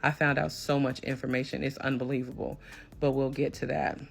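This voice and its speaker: A woman telling a personal story in an emphatic, animated storytime manner. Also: rumbling low, a little fast, creaky, soft background music. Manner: emphatic, animated when retelling a confrontation. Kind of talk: storytime recounting a personal drama.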